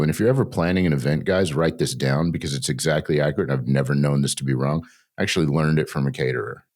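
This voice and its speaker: Middle-aged guy with a really low voice, hosting a podcast, jokey and rambly, barely stops to breathe. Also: a little mellow. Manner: rambling, joking, talks without pause. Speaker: podcast host. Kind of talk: casual podcast chat.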